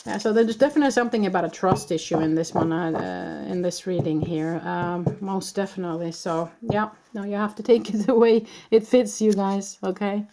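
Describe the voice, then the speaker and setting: Mellow-voiced woman giving a tarot reading. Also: medium pitch, fairly even intonation, a little hiss or hum. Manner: reassuring, meandering, with many pauses. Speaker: tarot reader.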